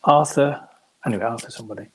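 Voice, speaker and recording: A middle-aged man from Yorkshire, a crime author, chatting casually in an interview with a soft, soothing, polished voice that never rises to a shout, rambling and poking fun at himself. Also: mid-range voice, fast, husky, low-quality recording. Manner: chatty, wandering, self-mocking.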